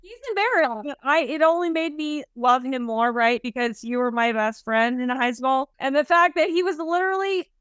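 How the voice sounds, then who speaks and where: A woman co-hosting a casual podcast chat, telling stories in an excited, rambling way. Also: high-pitched, moderate pace, few pauses, clear, resonant tone, no room sound. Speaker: co-host, host's wife.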